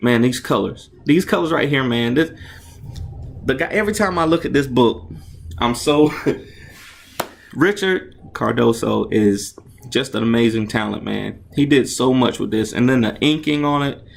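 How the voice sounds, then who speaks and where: A man's voice: mid-range voice, animated, measured pace, gravelly, a little hiss or hum. A man casually narrating and explaining his own comic book, chatty and enthusiastic, often restarting his sentences and acting out sound effects.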